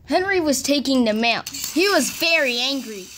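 Woman narrator, slightly high, halting amateur delivery, homemade toy-train story. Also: lively intonation, a bit bright, slight background noise. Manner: halting, restarts and repeats words.

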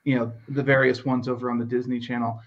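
American male co-host, mid-pitch, dry measured delivery, slightly dull lo-fi audio. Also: flat delivery. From United States. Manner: measured, wry, steers the conversation. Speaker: podcast co-host. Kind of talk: casual chat.

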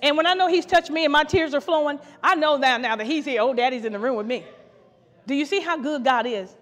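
A woman's voice: high voice, quick pace, fairly bright tone. A woman co-pastor from Ohio preaching a fervent podcast sermon, repeating her phrases and laughing now and then. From Ohio, USA. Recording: long hall reverb.

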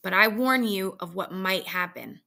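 A grave old soldier warns with slow, stubborn solemnity, as a woman reads him aloud. The voice is heavily gravelly yet bright and forceful. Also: medium pitch.

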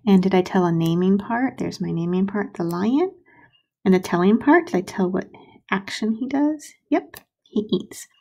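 A woman teaching first graders to write sentences, modeling slowly and sounding out syllables with patience. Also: mid-range voice, vocal fry, warm tone. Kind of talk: recorded writing lesson for young children.

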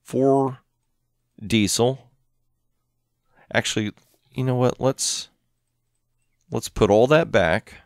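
A man's voice: mid-range voice, slow pace, long pauses, no room sound, studio quality. A man hosting a modded game video, chatting casually and thinking aloud as he plays, counting items under his breath. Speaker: gameplay channel host. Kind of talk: casual gameplay commentary. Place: home room with his cat.

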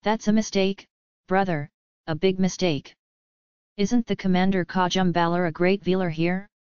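A boastful young warrior in an audiobook, read by a woman. The voice is lowish, very smooth and clear. The sound is dry and a little dull. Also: steady tone, normal speed, darkish tone, no echo, close to an everyday voice. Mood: worried. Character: young male warrior, boastful and quick-witted. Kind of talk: audiobook character reading.

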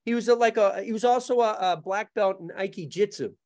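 A man as a podcast guest, telling animated stories in casual talk, laughing often and acting out other people's lines. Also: high voice, brisk. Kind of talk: casual storytelling.

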